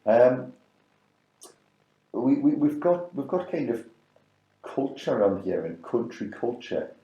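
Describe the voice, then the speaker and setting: A man's voice: mid-range voice, big pitch swings, slow pace, mellow, reverberant, highs cut off. A middle-aged man, a business advisor co-hosting a podcast, talking casually and repeating words as he restarts his thoughts. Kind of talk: casual conversational podcast chat.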